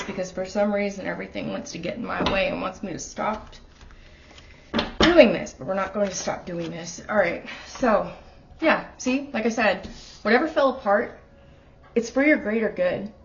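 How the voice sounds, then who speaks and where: A woman's voice: medium pitch, normal speed, background noise. A woman doing a casual tarot reading in her apartment, speaking in a middle-range voice with a heartfelt, emotional manner. She talks straight to the listener, and the home recording sounds a little dull and lo-fi. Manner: earnest, emotional, talking straight to the viewer. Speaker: tarot reader.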